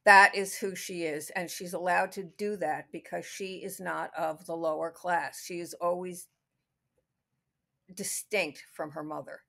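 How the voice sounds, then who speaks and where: A woman's voice: lowish voice, steady tone, unhurried, gravelly, a bit bright. A woman co-hosting a podcast, talking through a classic film in a casual, thinking-aloud way with many restarts. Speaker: podcast co-host.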